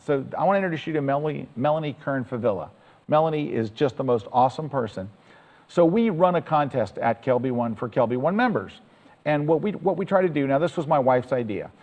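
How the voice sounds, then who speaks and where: A man's voice: on the high side, a little mellow, in a large hall, low-quality recording. A man giving a chatty, enthusiastic storytelling talk to an audience as presenter.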